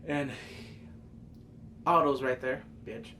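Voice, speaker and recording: A man reviewing a TV episode in excited casual commentary, cursing freely, breaking into loud exclamations and quick character impressions. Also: medium pitch, a little hiss or hum. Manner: animated, profane, jumps into loud exclamations; mimics characters in quick asides.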